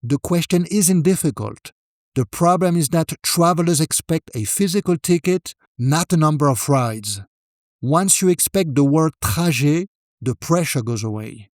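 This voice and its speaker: Male language-lesson narrator, calm and clear, slightly high-pitched, dry close-mic voice-over. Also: dry recording. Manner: calm, clear explanations, models French phrases slowly with falling intonation. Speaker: French language teacher. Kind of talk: scripted narration.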